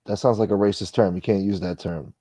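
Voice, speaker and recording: A man hosts a loose morning live-stream chat. His voice is warm and relaxed, recorded close and dry with no room sound. He jokes around and calls out viewers by name. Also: sits low, fairly quick, dry recording. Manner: joking, greets viewers by name. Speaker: host reading live chat.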